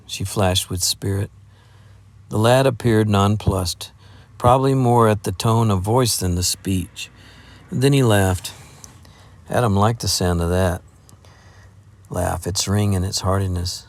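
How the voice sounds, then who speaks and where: A man with a lowish voice narrates a story aloud like an audiobook reader. His scripted storytelling is measured and even.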